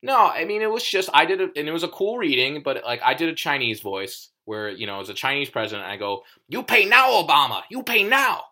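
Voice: medium pitch, lively intonation, fast, hardly any pauses, bright, forceful tone. A comedian ranting in a casual monologue, profane and emphatic, rambling with many restarts.

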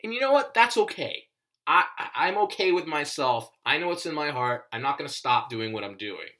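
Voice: medium pitch, very animated, a little fast, pushed and bright. A comedian ranting in a casual monologue, profane and emphatic, rambling with many restarts.

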